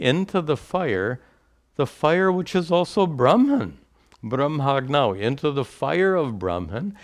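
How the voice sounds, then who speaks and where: A man teaching a scripture class, speaking deliberately, repeating key words and reciting Sanskrit phrases before explaining them. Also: mid-range voice.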